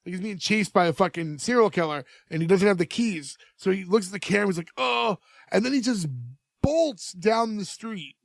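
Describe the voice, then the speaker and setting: Young male co-host, slightly high voice, dry close sound, casual recap. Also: fairly quick, no echo. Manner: recaps scenes, many "like" fillers, acts out quotes. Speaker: podcast co-host. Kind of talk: casual chat.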